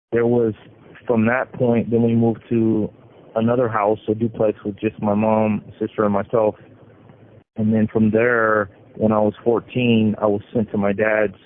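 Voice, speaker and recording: Middle-aged male inmate, low monotone, halting and restarting, tinny phone line. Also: slight background noise. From California. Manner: halting, with frequent restarts and repeated words. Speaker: prison inmate telling his story. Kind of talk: personal story over a phone call. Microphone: prison telephone.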